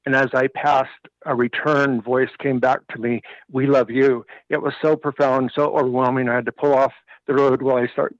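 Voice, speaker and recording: A man's voice: mid-range voice, flat delivery, brisk, no echo. A man telling a personal story as a radio guest, earnest and moved, on dull lo-fi radio audio.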